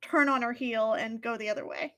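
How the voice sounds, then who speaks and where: A woman's voice: a little high, steady tone, fairly quick, sharp tone. A woman playing a tabletop game, chatting casually, asking rules questions and thinking aloud. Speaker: player.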